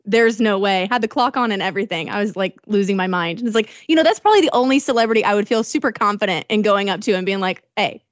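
A woman's voice: medium pitch, animated, very fast, few pauses, dry recording. A woman co-hosting a casual radio show chat, chatty and self-deprecating, laughing often. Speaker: co-host.

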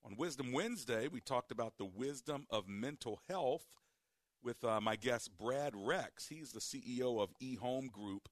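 A man's voice: mid-range voice, expressive, a little slow, no echo, clean studio sound. A man hosting a call-in radio show, a preacher who talks to listeners directly and repeats key points.

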